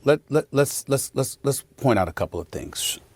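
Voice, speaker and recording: A middle-aged man hosting a sports debate show, making his point with forceful, preachy repetition in a TV studio. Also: mid-range voice, expressive, moderate pace, no echo. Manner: emphatic and preachy, repeats phrases for effect. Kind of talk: heated on-air sports commentary.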